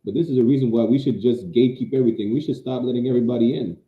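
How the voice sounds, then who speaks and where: A man's voice: medium pitch, very fast. A man co-hosting a podcast in argumentative casual chat, often stammering into restarts, heard over a tinny line. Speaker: podcast co-host. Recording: tinny phone-like line, roomy echo.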